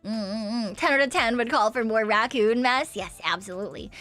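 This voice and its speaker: A woman's voice: a little high, normal speed, few pauses, fairly bright tone, soft background music. A woman streamer chatting casually during a game stream, playful and giggly, with lots of little mm-hmms and repeated yeses.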